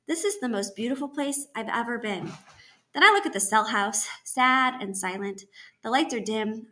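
Bright-voiced woman reading a novel aloud. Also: medium pitch. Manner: expressive, steady storytelling. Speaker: teacher.

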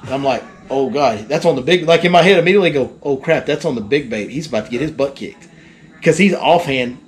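Animated male fishing guide, casual storyteller, slightly high voice, faint noise. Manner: animated, acts out the people in his story.

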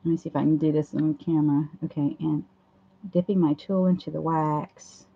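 A hoarse woman hosts a casual craft livestream, chatting through each step as she works at a home craft table. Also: sits low, steady tone, normal speed. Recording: dull lo-fi livestream audio.

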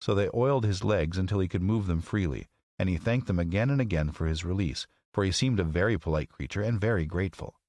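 Deep-voiced man reading an audiobook. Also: no echo. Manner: expressive, measured reading. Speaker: narrator. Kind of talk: audiobook storytelling.

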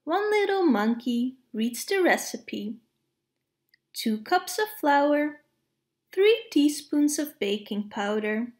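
A woman reading a picture book aloud to young children, expressive, with playful hushes and sound effects. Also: high voice, slow pace. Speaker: storybook reader.

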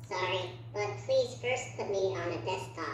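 A woman's voice: medium pitch, moderate pace, recorded from a distance, natural voice. A synthetic female voice speaking as a small toy robot, with polite scripted replies. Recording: roomy, from a small device speaker off-mic.

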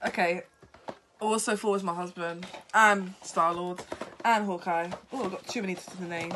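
A tired woman vlogger unboxing gifts at home, talking in an excitable, apologetic way. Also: mid-range voice, normal speed, long pauses, a little hiss or hum. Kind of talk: unboxing vlog.

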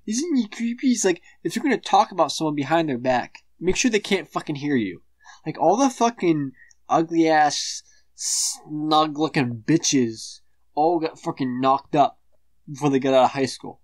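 A man delivers a rambling, profane rant, blunt and defensive. His voice sits at an ordinary middle pitch. It is recorded dry and close, with no room tone. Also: no room sound. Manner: swears constantly. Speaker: vlogger.

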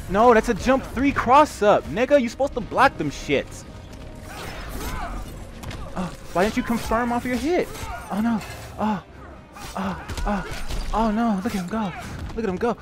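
A man trash-talking his opponent while commentating a fighting game, loud and profane, mocking him with repeated taunts. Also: high-pitched, expressive, a little slow, long pauses. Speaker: gaming video host and player.

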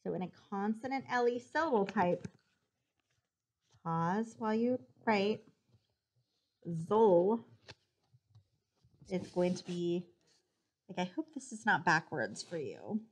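A woman's voice: mid-range voice, animated, a little slow. A woman teacher giving a spelling dictation lesson, patiently sounding out syllables and explaining the rules.

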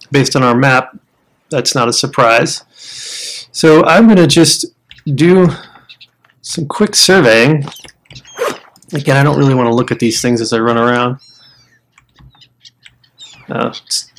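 An American man giving casual commentary on a survival game, chatting and explaining each step to viewers as he plays, sometimes breaking into loud startled exclamations. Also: mid-range voice, creaky. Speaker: gamer showing a survival game.

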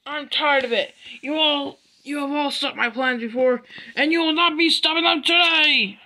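A woman's voice: fairly high pitch, a little slow, sharp tone, slight background noise, rough recording. Woman voicing a furious villain engine. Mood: ranting. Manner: snarling, ranting. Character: furious male villain engine, spiteful and bitter. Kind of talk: fan-made toy train drama voicing.

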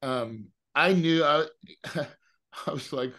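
A man's voice: a little high, takes it slowly, a bit bright. A middle-aged man as a podcast guest, telling a personal story in a casual way, repeating words and often asking "right?". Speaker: guest, real estate investor. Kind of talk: emotional storytelling.

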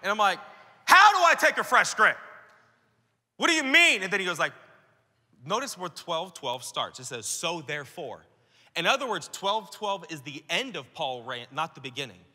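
A man's voice: a little high, sharp tone, breathy edge, in a large hall. A man preaching a sermon to church leaders at a conference, talking casually and acting out the voices he quotes. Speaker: pastor. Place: large conference hall.

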